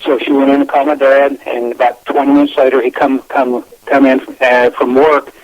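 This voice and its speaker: A man's voice: mid-range voice, little pitch movement, fairly quick. Rambling man on a dull phone line. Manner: meandering, repeats words and restarts often. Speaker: guest telling his experiences. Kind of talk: rambling personal storytelling.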